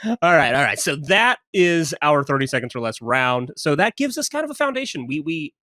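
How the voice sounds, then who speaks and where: Male host, slightly high, very expressive, laughs a lot. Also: fairly quick, no echo, clean studio sound. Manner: animated, laughs easily. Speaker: podcast host. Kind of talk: casual chat.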